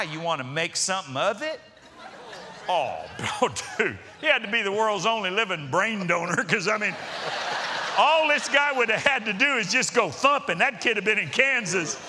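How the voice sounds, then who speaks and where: Animated woman preaching with a bright, lively voice. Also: on the low side. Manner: animated, laughing storyteller acting out voices. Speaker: pastor. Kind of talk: sermon with storytelling. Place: church before a congregation.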